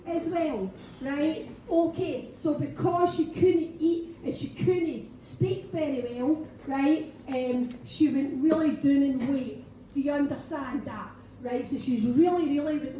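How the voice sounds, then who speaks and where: A woman's voice: sits high, warm tone. A Scottish woman working as a medium at a live demonstration, chatty, often saying "right, okay" and calling people darling. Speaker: spiritual medium. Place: function room of a local pub. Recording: very echoey room, faint background noise.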